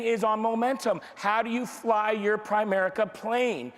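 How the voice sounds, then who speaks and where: High-voiced man giving a rousing talk in a hall. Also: normal speed, few pauses. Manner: energetic and repetitive, drives points home with rhetorical questions; acts out dialogue in quoted voices. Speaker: sales team leader giving a motivational training talk. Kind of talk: motivational speech to a live audience. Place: large room with an audience. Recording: long hall reverb from a live event.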